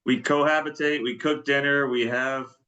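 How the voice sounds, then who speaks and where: A man's voice: medium pitch, steady tone, normal speed, bright, forceful tone, highs cut off. A man co-hosting a podcast in easygoing, amused casual chat. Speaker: podcast co-host.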